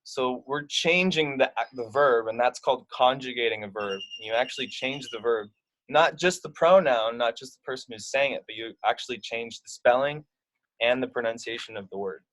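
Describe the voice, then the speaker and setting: A man's voice: medium pitch, normal speed, a bit bright, poor audio. A man explaining verb endings to young learners, taking his time. He works through each point step by step with plenty of fillers along the way. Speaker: Spanish teacher. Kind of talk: explaining grammar to young students.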